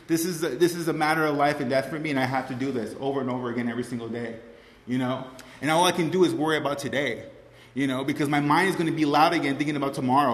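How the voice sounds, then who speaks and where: Emotional man telling his story in an echoey hall. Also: mid-range voice. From Cuban family. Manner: rambling, emotional, repeats "you know" and "right". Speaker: recovery speaker sharing his story. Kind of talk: personal testimony to a group. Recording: echoey hall with faint room noise.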